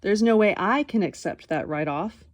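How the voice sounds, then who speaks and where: A young adult woman reading a nonfiction book aloud in an expressive, wry way, breaking off now and then to comment on it. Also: medium pitch, normal speed, no room sound. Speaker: audiobook reader.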